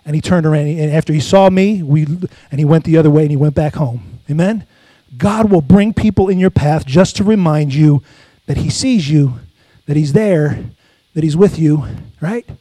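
High-voiced preacher man, dry close sound. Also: normal speed, dark tone, no echo. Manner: call-and-response preaching, asks congregation for amens. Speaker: pastor. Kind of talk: sermon with personal stories.

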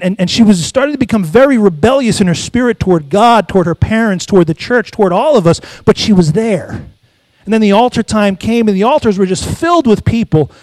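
A man's voice: high voice, darkish tone, no echo. A middle-aged man preaching a sermon, telling personal stories and calling for amens from the congregation. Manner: call-and-response preaching, asks congregation for amens. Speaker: pastor.

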